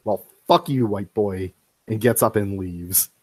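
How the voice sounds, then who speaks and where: A man narrating a tabletop game as game master, halting with many fillers. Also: lowish voice, husky.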